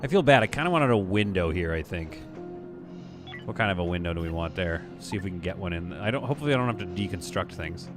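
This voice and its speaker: A man's voice: deep voice, animated, fast, over music. A man hosting a casual live stream, chatting as he plays and reading viewers' messages aloud. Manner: chatty, muses aloud, reads chat. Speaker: streamer host.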